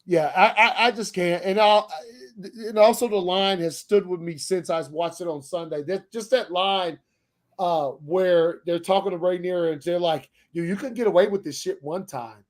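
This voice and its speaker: A man with a notably high speaking voice hosts a casual stream. He rambles, restarts sentences and swears freely, talking from a home setup. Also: moderate pace. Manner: loose, profane, rambling with many restarts. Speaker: podcast host. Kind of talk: casual chat.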